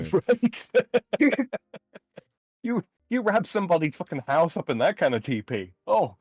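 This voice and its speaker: A man's voice: high-pitched, big pitch swings, takes it slowly, darkish tone, breathy edge, no echo, soft background music. A man in casual chat, wry and playful, with dry jokes and asides. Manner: wry, playful, drops into mock accents.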